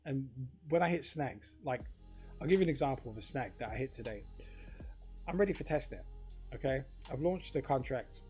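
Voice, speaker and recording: A man rambles to camera in a loose, unscripted monologue, full of filler words and casual swearing. His voice sits at an ordinary middle pitch. Faint music plays quietly underneath. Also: lively intonation, a little fast. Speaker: crypto vlogger.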